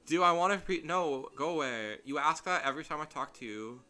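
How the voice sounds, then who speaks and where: This young male streamer has a slightly high, expressive voice with a sharp tone and normal speed. He rambles through casual let's-play commentary, chatty and self-deprecating, laughing often, while faint game music plays.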